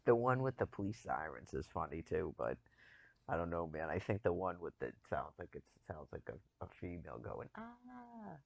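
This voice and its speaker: A man with a low, gravelly voice chats casually, rambling from one thought to the next and chuckling often. His pitch swings widely as he tells it. The sound is dry and a bit dull, like a lo-fi recording. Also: lively intonation, moderate pace, no room sound. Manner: rambling, chuckling, loose and profane. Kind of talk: casual chat.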